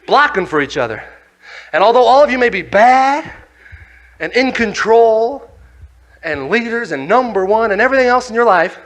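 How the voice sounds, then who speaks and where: Young guy, high bright voice, fired-up youth talk, acts out the story. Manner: animated storytelling with acted-out voices and shouts. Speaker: youth speaker.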